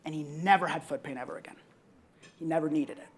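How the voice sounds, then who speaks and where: This is a young adult woman with a deep voice, speaking on a conference panel. Her personal story comes out earnestly, broken by many ums and thoughtful pauses.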